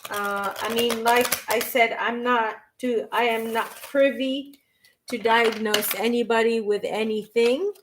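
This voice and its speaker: A woman doing a live-stream tarot reading, reading chat questions aloud and answering them in a halting way, with frequent restarts. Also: a little high, steady tone, noisy background. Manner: slow and unhurried. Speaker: tarot reader.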